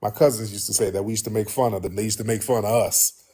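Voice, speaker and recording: A man's voice: lowish voice, steady tone, fast, dark tone, breathy edge. Emphatic American man talking to viewers. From United States. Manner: emphatic and repetitive, calls viewers "family". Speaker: host. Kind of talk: casual commentary to viewers.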